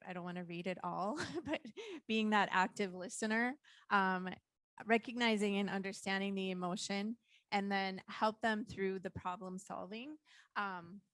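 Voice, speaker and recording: A woman's voice: medium pitch, a bit bright, dry recording. A woman who works in school learning design, giving a conversational presentation to foster parents on school practices. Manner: conversational, explains curriculum to adults. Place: online meeting.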